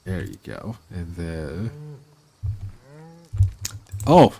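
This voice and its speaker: A man with a low voice commentates a live gameplay stream at an unhurried pace. His pitch swings widely as he talks to his chat and scolds the game's animals, laughing and exasperated. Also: very animated, warm tone, slight background noise.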